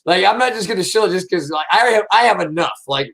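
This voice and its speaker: Male livestream host, slightly high voice, excitable, rambling, heavy profanity. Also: fast talker, creaky, slight background noise. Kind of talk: casual livestream chat.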